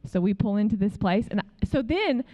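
A woman preaching in a conversational way, telling a personal testimony as an animated story and acting out what other people said. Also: mid-range voice, brisk, highs cut off. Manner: frequent "like" fillers. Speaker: speaker sharing a testimony.

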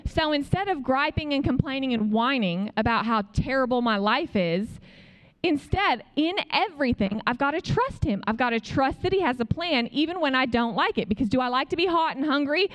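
A woman preaching in a conversational way, telling a personal testimony as an animated story and acting out what other people said. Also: high voice, moderate pace. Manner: frequent "like" fillers. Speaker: speaker sharing a testimony.

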